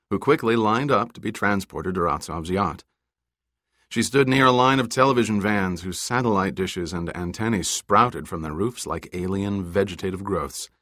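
A man with a voice on the low side reads an audiobook in scripted narration, steady and measured. The recording is dry and of studio quality.

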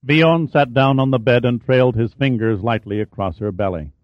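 A man narrating an audiobook in a measured, even reading. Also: medium pitch, dry recording. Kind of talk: scripted narration. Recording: dull, dry studio audiobook.

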